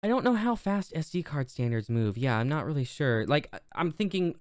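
Relaxed young man co-hosting a podcast. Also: a little high, fairly quick, dry recording, studio quality. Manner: relaxed, joking, many fillers. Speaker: podcast co-host. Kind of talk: casual tech podcast chat. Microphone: studio podcast microphone.

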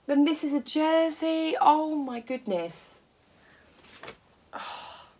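A woman with a fairly high voice that swoops up and down, talking through a casual sewing vlog. She speaks slowly and unhurriedly, yet gushes with excitement and laughs often. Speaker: sewing vlogger.

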